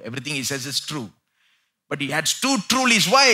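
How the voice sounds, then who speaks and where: Emphatic preacher, husky and bright. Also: male voice, expressive, a little fast. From India. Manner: emphatic, swings between loud pleading and low asides. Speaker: pastor. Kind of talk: sermon. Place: live church service.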